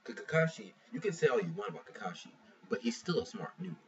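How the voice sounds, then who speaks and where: A man's voice: fairly high pitch, wildly swooping pitch, fast, creaky. A man casually reviewing a manga chapter, rambling, swearing freely and restarting his sentences. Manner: rambling, profane, restarts a lot. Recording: muffled lo-fi mic from a distance, faint hiss.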